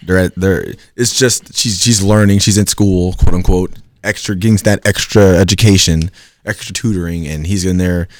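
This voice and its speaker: A man's voice: low voice, steady tone, normal speed, dry recording, studio quality. A young man co-hosting a podcast, rambling animatedly with restarts in crude banter. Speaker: podcast co-host.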